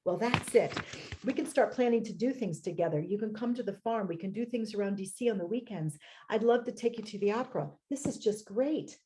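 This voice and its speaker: An excited middle-aged male psychiatrist rushes through his plans, put on lightly by a woman reading her memoir. The voice stays mellow and warm, lifting a little in pitch. It is a memoir reading, not a full character performance. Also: lightly acted, low-quality recording. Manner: excited, rushing.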